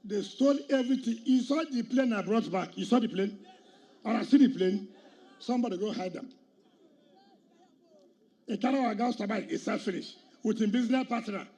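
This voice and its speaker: Delivering a combative political speech at an outdoor event, a state governor fires rhetorical questions and challenges at the crowd. He is a middle-aged man with a Nigerian accent whose high, mellow voice moves at normal speed with frequent pauses.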